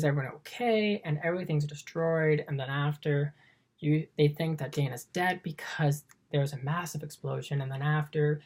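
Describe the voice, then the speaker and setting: A woman giving a rambling, enthusiastic scene-by-scene movie recap, chaining events together with "and then.". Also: deep voice. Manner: enthusiastic, often says she loves it. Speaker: film reviewer.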